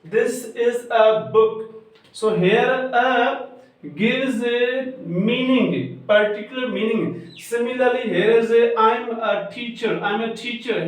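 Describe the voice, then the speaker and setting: A male teacher gives a grammar lecture slowly, repeating each point as he goes. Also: extremely high pitch. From Pakistan. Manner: slow, repetitive, restates each point. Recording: very echoey room, voice far from mic.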